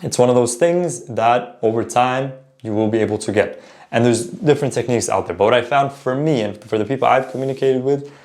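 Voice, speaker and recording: A man teaching a casual spoken lesson, stopping often to say example words slowly and correct himself. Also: medium pitch, darkish tone. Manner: repeats words slowly to model pronunciation; self-correcting, informal. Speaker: language teacher.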